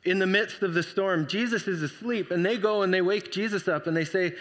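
A man preaching a sermon, telling the story with lively energy and acting out the voices. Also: high-pitched, fairly quick, hardly any pauses, long reverb tail. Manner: animated storytelling, acts out voices. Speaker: pastor.

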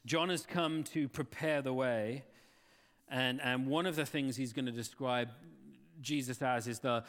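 A man's voice: medium pitch, fairly even intonation, unhurried, a bit bright, in a large hall. A man preaching a sermon, earnest and full of rhetorical questions to his listeners. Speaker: pastor.

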